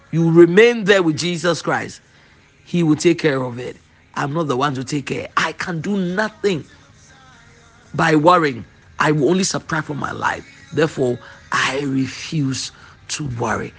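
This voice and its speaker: A man's voice: fairly high pitch, moderate pace. A man preaching a sermon, emphatic and repetitive, drawing out declarations.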